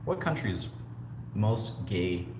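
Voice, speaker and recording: A man's voice: fairly low pitch, very animated, takes it slowly. A man co-hosting a casual livestream talk show, chatting earnestly and easily with his co-host. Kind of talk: casual livestream chat reading comments. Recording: echoey room with faint noise.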